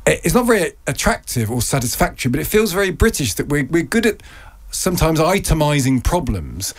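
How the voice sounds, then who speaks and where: A man hosting a breakfast radio show, chatting with guests in a measured, easy way. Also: on the high side, very animated. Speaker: radio host.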